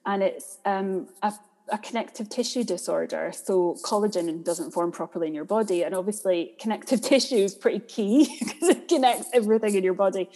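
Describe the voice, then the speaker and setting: A woman's voice: medium pitch, brisk, warm tone. A woman speaking candidly and reflectively as a podcast guest, thinking aloud with frequent ums. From Scotland. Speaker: guest, theatre director. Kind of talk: podcast interview. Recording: long hall reverb.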